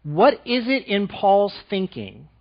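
A man preaching a sermon to a live congregation, asking them questions and dropping to a soft, quiet voice for emphasis. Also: high-pitched, lively intonation, takes it slowly, highs cut off. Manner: engaging, asks the audience questions.

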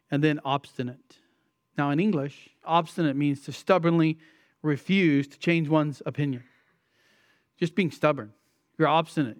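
A man preaching an expository sermon, emphatic, with sweeping shifts in pitch and loudness and slowing down to stress key words. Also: no echo. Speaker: pastor.

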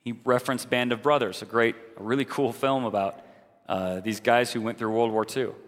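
A man's voice: medium pitch, fairly even intonation, moderate pace, in a large hall. A man preaching a sermon in an earnest, direct way, now and then mocking the views he argues against.

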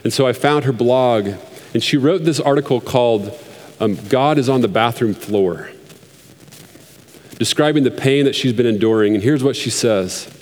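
Man in his 30s, pastor, chatty earnest sermon delivery, mid-pitched, long hall echo. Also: normal speed, a little mellow. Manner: conversational, earnest, with fillers and restarts.

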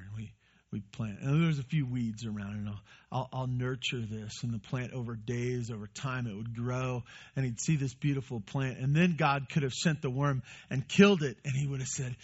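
A man's voice: medium pitch, steady tone, normal speed, husky, dull audio. A male pastor giving a conversational sermon and putting questions to his congregation.

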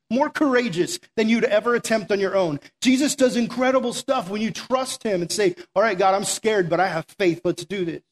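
A man preaching a casual, conversational sermon, animated and slowing down to stress key words. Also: sits high.

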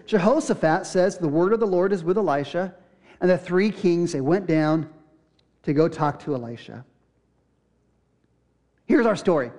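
A man's voice: high-pitched, a little mellow. A young adult man preaching a sermon, retelling a scripture passage casually and acting out the characters' lines. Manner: casual storytelling with acted-out quotes. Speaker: pastor.

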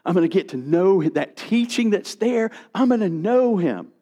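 Animated preacher man, pitch on the high side. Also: normal speed. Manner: animated storytelling with quoted voices. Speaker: pastor. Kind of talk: sermon.

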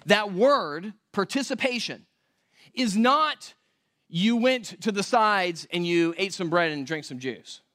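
High-voiced preacher, conversational sermon. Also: male voice, expressive, slow pace, a bit bright. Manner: conversational, asks rhetorical questions, corrects himself aloud. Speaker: pastor. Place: church.

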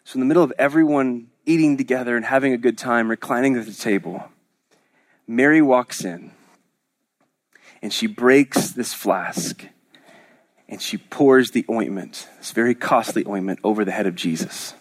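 A man's voice: medium pitch, moderate pace. A man from Oklahoma preaching a sermon as pastor, in a conversational, joking storytelling manner with frequent restarts.

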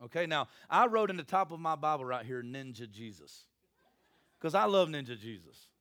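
A man's voice: fairly high pitch, animated, moderate pace, fairly bright tone, dry recording, clean studio sound. A man preaching a sermon, folksy and joking, acting out Bible scenes in little voices. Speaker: pastor.

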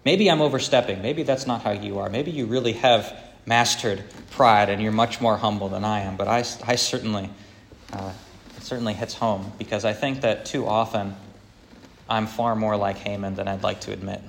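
A man's voice: fairly low pitch, steady tone, moderate pace, creaky, a little hiss or hum. A man preaching a sermon as pastor, earnest and conversational, with occasional hesitations. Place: church.

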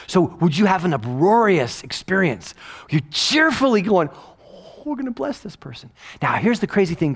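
Animated rambling middle-aged male pastor. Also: fairly high pitch. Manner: animated and rambling, often tags "right?", swings from loud emphasis to hushed asides. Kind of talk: casual conversational sermon.

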